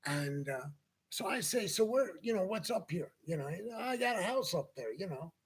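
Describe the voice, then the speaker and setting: A man's voice: sits high, sing-song, normal speed, breathy edge. A man hosting a casual talk show, telling a long anecdote and acting out the people in it. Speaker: podcast host. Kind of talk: casual storytelling chat.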